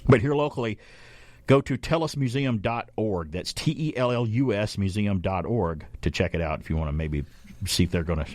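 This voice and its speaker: A man's voice: lowish voice, fairly quick, no echo, clean studio sound. A middle-aged man from Alabama hosting a casual talk radio show, telling stories and acting out quoted voices.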